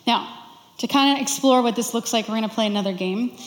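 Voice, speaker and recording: Expressive woman preaching in echoey hall. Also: a little high, fast. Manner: expressive, conversational preaching with playful asides. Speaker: pastor. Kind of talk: sermon. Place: church sanctuary.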